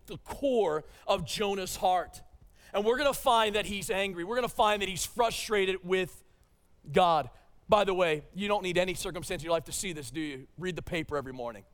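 Pastor guy preaching, high voice, gets loud and fired up then drops real quiet. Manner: impassioned, rising to loud emphatic peaks and dropping to quiet. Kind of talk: sermon.

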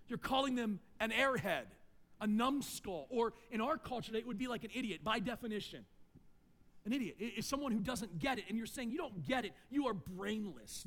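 High-voiced man preaching a sermon. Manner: swings between loud emphatic points and low quiet asides. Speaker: pastor.

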